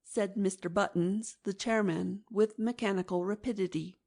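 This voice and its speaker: A woman's voice: mid-range voice, steady tone, normal speed, vocal fry, darkish tone. Woman narrating a classic novel. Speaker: audiobook narrator. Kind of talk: scripted narration.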